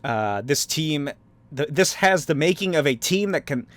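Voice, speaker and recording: A man's voice: a little high, expressive, moderate pace, fairly bright tone, dry recording. A man hosting a solo podcast, who talks in a rambling way with frequent chuckles and filler words. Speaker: podcast host. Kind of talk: casual solo podcast talk.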